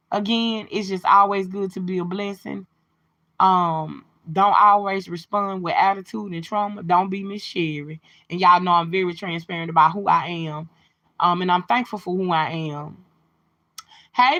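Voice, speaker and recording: A woman's voice: mid-range voice, fairly bright tone, dull audio. A woman talking casually to her livestream viewers, chatty and open, sharing a personal testimony. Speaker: livestream host.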